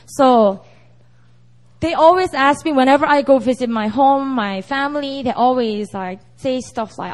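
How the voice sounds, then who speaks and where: Young woman, casual sermon, high voice, chatty and conversational. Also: measured pace. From South Korea. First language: Korean. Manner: chatty, with frequent "you know" and "right?". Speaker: preacher.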